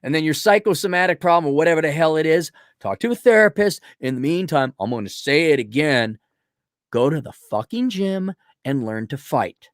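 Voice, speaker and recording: A middle-aged man hosting a livestream, reading viewer donations and ranting bluntly with profanity, frequent throat-clearing, and a voice that is giving out. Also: a little high, animated, a little fast, dry recording, studio quality. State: losing his voice. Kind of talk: blunt opinionated livestream rant.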